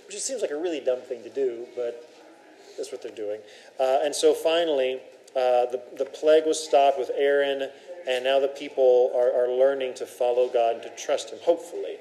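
A man's voice: medium pitch, normal speed, mellow, slight background noise, low-quality recording. A man teaching a Bible class, asking questions and talking in a loose, conversational way with fillers.

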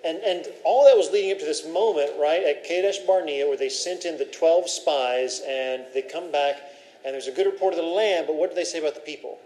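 A man's voice: on the high side, brisk, mellow, low-quality recording. A man teaching a Bible class, asking questions and talking in a loose, conversational way with fillers.

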